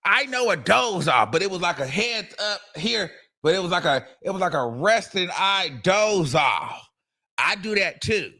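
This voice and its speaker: On his casual commentary show, the host recounts a courtroom story, swearing and animated, breaking into laughter now and then. His voice sits high, and he speaks a little slowly.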